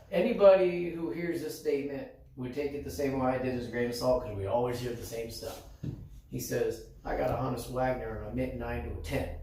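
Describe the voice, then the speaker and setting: Man telling a story in an echoey room. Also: mid-range voice. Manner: animated, acts out quoted dialogue. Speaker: sports card dealer and show host. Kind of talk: casual storytelling. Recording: very echoey room, distant mic, faint noise.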